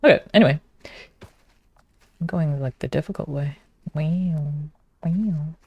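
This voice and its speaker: A woman's voice: low-pitched, a little slow, darkish tone, breathy edge, dry recording, muffled recording. A woman streaming a game, chatting casually and teasing her viewers.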